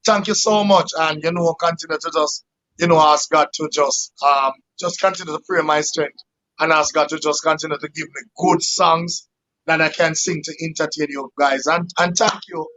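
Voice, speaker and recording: A man's voice: a little high, level tone, normal speed, bright, forceful tone. A man, a musician being interviewed, speaking in a devout, thankful and rambling way. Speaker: guest musician. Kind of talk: interview answers. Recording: dull lo-fi sound.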